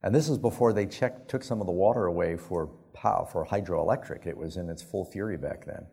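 A man's voice: low-pitched, a little fast, creaky, dark tone, breathy edge. A male pastor preaching a sermon, telling anecdotes in a folksy, conversational way. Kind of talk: sermon storytelling.

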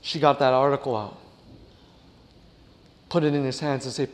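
A male preacher telling a story in a sermon, dramatic, often dropping his voice to a hush for effect. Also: medium pitch, fairly even intonation, normal speed, long reverb tail. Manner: dramatic, drops to a hush, addresses listeners as "friends".

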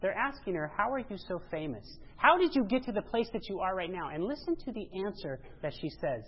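A woman giving a sermon-style church presentation, emphatic, rising to loud exclamations and dropping low. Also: big pitch swings, brisk. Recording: dull lo-fi sound.

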